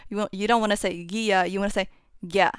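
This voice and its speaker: A woman casually teaching how to pronounce Japanese syllables, chatting informally and then singing the syllables out in a steady tone. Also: mid-range voice, rapid-fire, smooth, no echo. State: voice getting strained. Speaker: UTAU voicebank tutor.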